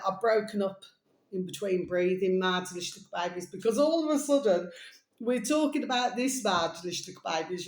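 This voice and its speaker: A woman's voice: mid-range voice, echoey room. A woman chatting in a rambling, casual monologue, calling her listeners her little babies. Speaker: vlogger.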